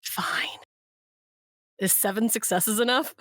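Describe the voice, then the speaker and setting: A woman's voice: on the high side, takes it slowly, a bit bright, dry recording. Woman playing a tabletop role-play, dry sound. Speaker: player.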